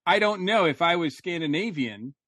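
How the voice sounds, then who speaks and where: A man with a fairly high, sharp voice and lively intonation co-hosts a podcast at a moderate pace. He rambles through a casual review chat, stopping and restarting with many fillers. The recording is dry and studio quality.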